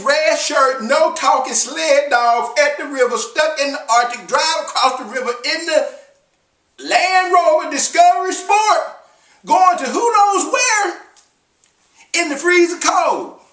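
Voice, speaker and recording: A man's voice: very high voice, bright, forceful tone, echoey room, recorded from a distance. A man reviewing commercials in a comedic vlog, talking animatedly with slang and frequent laughs.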